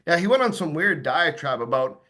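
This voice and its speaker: Bright-voiced man giving a sales talk. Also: fairly high pitch, sing-song, moderate pace. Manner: conversational, acts out sample dialogue, many fillers. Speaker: sales trainer. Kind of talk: casual training talk.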